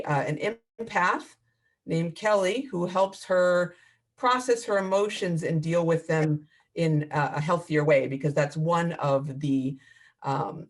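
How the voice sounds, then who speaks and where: A man reads aloud from his own novel with a slightly high, gravelly voice. He keeps a measured, expressive storytelling pace and leans into the action. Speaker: author. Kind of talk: reading own fiction aloud.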